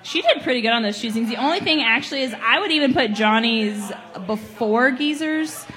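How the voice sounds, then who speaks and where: A woman's voice: fairly high pitch, expressive, fairly quick, a bit bright, faint music behind. A woman co-hosting a casual podcast chat, joking and swearing freely. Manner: profane, joking. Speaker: podcast co-host.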